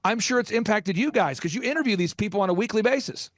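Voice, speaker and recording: A middle-aged man, a business coach guest, telling stories with passion and sometimes getting loud. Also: high-pitched, expressive, dry recording, studio quality. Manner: passionate, loud at times, rapid storytelling. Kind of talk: energetic storytelling interview.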